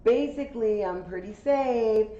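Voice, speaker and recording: A woman's voice: fairly high pitch, a little slow, mellow, echoey room, lo-fi sound, pitched above the performer's own voice, natural voice. A woman quoting a polite, eager artsy man. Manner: courteous and eager.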